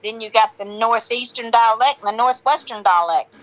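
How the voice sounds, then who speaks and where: A woman's voice: fairly high pitch, moderate pace, lo-fi sound. A woman from Georgia, a podcast guest chatting in a brash, self-assured, teasing way. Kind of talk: casual interview chat.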